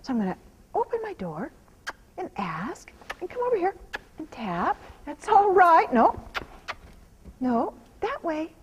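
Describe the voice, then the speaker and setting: A woman horse trainer giving a hands-on demonstration, mixing soft repeated praise and hushed soothing with firm commands and calm explanations to viewers. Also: extremely high pitch, unhurried, pauses often. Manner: drops into hushed near-whispers when soothing.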